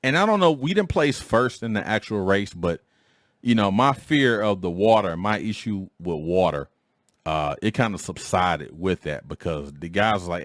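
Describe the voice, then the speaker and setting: A man in his forties hosting a podcast, telling a story in a casual, slangy way and acting out quoted lines in a higher voice. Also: lively intonation, moderate pace, dry recording, clean studio sound. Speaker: podcast host. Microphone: studio microphone.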